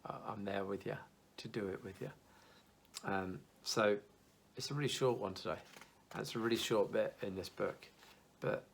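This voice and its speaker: Young man, church youth leader, casual video devotional, gravelly tone, earnest and reassuring. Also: lowish voice.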